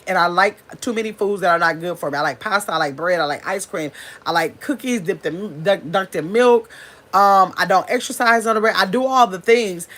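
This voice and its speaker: A woman's voice: medium pitch, fairly bright tone. A middle-aged woman hosting her own channel, talking bluntly and casually to the camera and calling her viewers y'all. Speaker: channel host.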